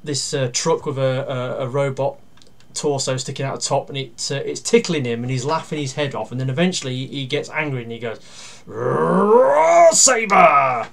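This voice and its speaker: A man giving a casual toy review. He talks through each step while handling the toy, pausing and using fillers, and grumbles dryly about its flaws. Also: mid-range voice. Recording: steady background noise with plastic clicks.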